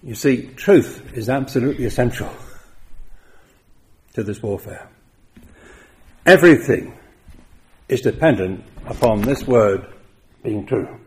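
A man preaching a sermon, with emphatic stresses that rise loud and then drop quiet. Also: medium pitch, unhurried, pauses often.

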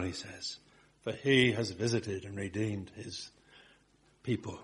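A man preaching a sermon, slow and emphatic, asking his listeners rhetorical questions. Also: on the low side.

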